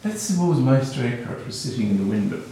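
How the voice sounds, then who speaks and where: A man's voice: mid-range voice, very animated, fast, slight background noise. Musing Irish man in an echoey hall. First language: Irish Gaelic. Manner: musing, storytelling, gently humorous. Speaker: speaker on spiritual teaching. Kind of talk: reflective spiritual talk. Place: hall with a live audience. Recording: very echoey hall, mic far off.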